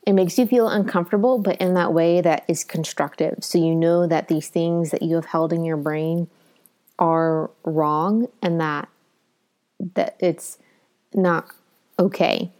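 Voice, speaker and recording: A woman's voice: fairly low pitch, steady tone, a little slow, a little mellow. A woman co-hosting a casual book podcast, talking enthusiastically with many fillers. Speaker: podcast co-host. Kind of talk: casual book review chat.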